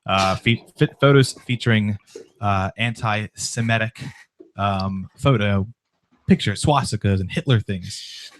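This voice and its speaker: A man's voice: on the low side, a little slow, slight background noise. A man hosting a casual sports talk show, running through news items with a sarcastic, rambling delivery full of fillers. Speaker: podcast host.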